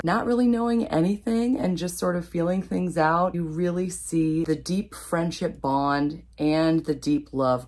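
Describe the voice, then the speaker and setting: A woman with a notably low voice talks through her favorite romance reads. She gushes with enthusiasm in a casual, chatty vlog review. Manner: gushing, enthusiastic. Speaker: book reviewer.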